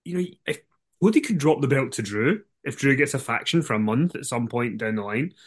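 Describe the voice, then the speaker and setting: A man's voice: mid-range voice, expressive, fairly quick, slightly rough. Chatty, teasing male podcast co-host. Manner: chatty, agreeable, lightly teasing. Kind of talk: casual wrestling chat.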